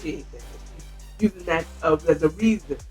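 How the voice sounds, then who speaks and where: A woman's voice: low voice, a little fast, a little mellow, soft background music. A woman hosting a podcast who casually retells a book's plot with rambling asides. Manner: chatty, rambling, with frequent asides. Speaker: podcast host reviewing a book. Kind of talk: casual storytelling recap.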